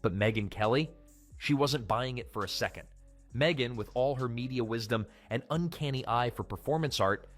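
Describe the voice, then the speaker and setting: A man's voice: medium pitch, a bit bright. Punchy male commentary narrator. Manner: punchy, dramatic delivery.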